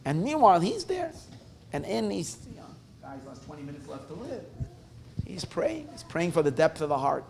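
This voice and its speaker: A male rabbi telling a story at a live gathering in an animated, conversational way, often breaking off and restarting his sentences. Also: on the high side, normal speed, gravelly, noisy background. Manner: animated, conversational, self-interrupting.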